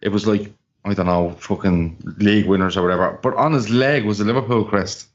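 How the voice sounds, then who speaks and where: Fairly quick and fairly low-pitched, a man co-hosting a football podcast launches into blunt, sweary rants. The casual banter plays over dull, lo-fi call audio.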